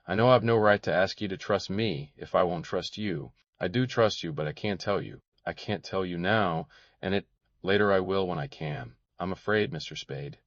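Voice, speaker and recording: A man's voice: low voice, normal speed, no echo. A man reading an audiobook voices a desperate young woman begging a detective for help, in a tremulous, pleading manner. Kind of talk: audiobook character voice. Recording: dull, dry recording.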